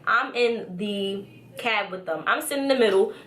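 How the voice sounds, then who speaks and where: A young adult woman vlogger telling a casual story-time tale, chatty and animated, with lots of "like" and "so". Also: mid-range voice, normal speed. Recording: roomy echo.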